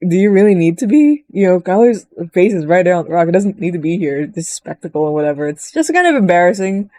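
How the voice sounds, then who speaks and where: A woman chatting casually as she recaps a story, rambling with many fillers and jumping into a higher voice to quote characters. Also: lively intonation, fast talker, warm tone, dry recording. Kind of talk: casual chat.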